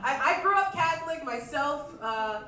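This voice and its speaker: Her high, expressive voice comes at a normal pace as she performs a comedy set, mimicking people in exaggerated voices. Laughter, background noise and club echo surround her, picked up by a distant mic.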